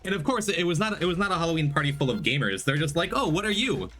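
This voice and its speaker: Lively rambling male streamer. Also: on the high side, very fast, faint music behind. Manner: rambling, animated, greets chat by name. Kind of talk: casual chat on a game stream.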